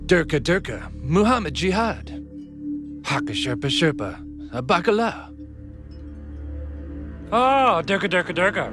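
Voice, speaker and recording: An actor playing a militant man who shouts and chants mock gibberish in a comedy film clip. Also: high voice, sing-song, a little slow, pauses often, heavily acted. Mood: shouting. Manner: chanting, yelling nonsense words. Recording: film clip with loud music, distant.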